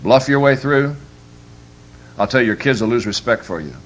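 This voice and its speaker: At a normal speed and medium pitch, a man acting as a preacher delivers a comedic parenting workshop live. Lively and jokey, he drives his stories home with emphasis.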